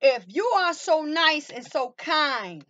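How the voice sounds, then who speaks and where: High-voiced woman giving a tarot reading. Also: big pitch swings, slow pace, a bit bright, dull audio. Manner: emphatic, repeats rhetorical questions to viewers; calls viewers baby and honey. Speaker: tarot reader. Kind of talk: tarot card reading to camera.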